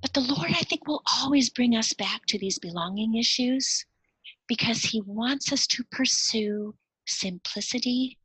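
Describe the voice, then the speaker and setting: Middle-aged woman, husky voice, dry close sound; gentle devotional speaker who slips into whispers. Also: a little high, measured pace, dry recording, low-quality recording. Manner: soft-spoken, sometimes drops to a whisper. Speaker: speaker to cross-cultural workers. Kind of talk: reflective devotional talk.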